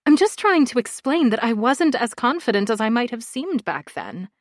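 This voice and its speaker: A woman narrator voicing a grown woman in an audiobook who pleads her side to an old friend, earnest and defensive. Her pitch rises and falls a lot, and the recording sounds dry and close. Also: sing-song, normal speed, no echo.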